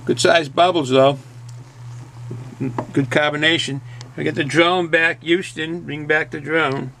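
A man's voice: fairly high pitch, fairly even intonation, unhurried, vocal fry, fairly bright tone, a little hiss or hum. A middle-aged man with a Boston accent chatting casually through a beer review, rambling and folksy and often repeating himself.

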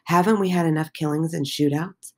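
A woman's voice: deep voice, a little fast, darkish tone. A woman reading the lines of a drunk, troubled man in a bar, taken from a student's script. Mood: weary. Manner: read plainly from a student's script.

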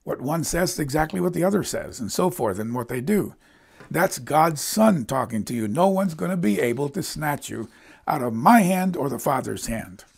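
A man's voice: on the high side, expressive, normal speed, gravelly, breathy edge. A middle-aged man preaching a sermon as a pastor, speaking in an earnest, emphatic way.

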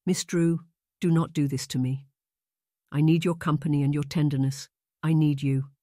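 A man's voice: fairly high pitch, flat delivery, moderate pace, dark tone, no echo, studio quality, close to an everyday voice. A man voicing a lovesick young marquis, earnest and pleading in formal old-fashioned speech.

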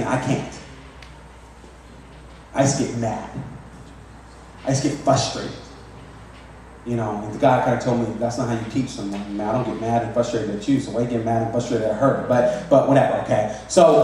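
A man in his thirties preaching a sermon as pastor, repeating words and restarting often, with lively emphasis. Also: mid-range voice, a little hiss or hum. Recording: echoey hall, mic from far off.

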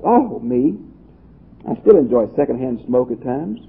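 A man's voice: mid-range voice, very animated, a little slow, gravelly, slightly rough. A man teaching a Bible study in a homespun, conversational way, reading verses aloud and then explaining them. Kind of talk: folksy Bible study lecture. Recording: tinny phone-like audio.

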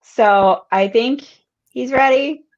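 A woman's voice: high-pitched, takes it slowly, muffled recording. A woman hosting a casual whiskey livestream, rambling with lots of giggles and casual swearing. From United States. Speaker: whiskey channel host.

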